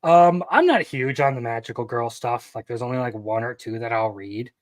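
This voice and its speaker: A young man co-hosting a casual podcast, speaking in a relaxed, easygoing way with frequent ums. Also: mid-range voice, moderate pace, dry recording. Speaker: podcast co-host. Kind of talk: casual chat.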